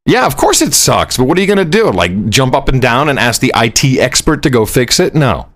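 A man's voice: mid-range voice, sing-song, brisk. A man co-hosting a podcast while on the road, telling a rambling story in casual chat. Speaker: podcast co-host. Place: on the road, far from home studio.

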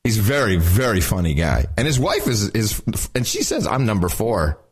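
A man's voice: fairly low pitch, huge pitch swings, moderate pace, slightly rough. A man co-hosting a podcast, chatting casually and joking with lots of restarts. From Texas. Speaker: podcast co-host. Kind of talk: casual chat.

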